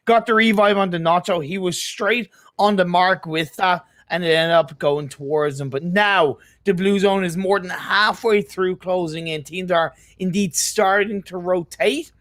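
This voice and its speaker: High-voiced esports co-caster. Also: male voice, measured pace, few pauses. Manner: energetic, chatty co-commentary. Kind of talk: live esports commentary.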